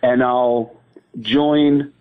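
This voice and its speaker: Animated male comic telling stories. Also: mid-range voice, very slow, clean tone, phone-quality sound. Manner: animated, laughing storyteller. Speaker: stand-up comedian guest. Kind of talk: storytelling with impressions.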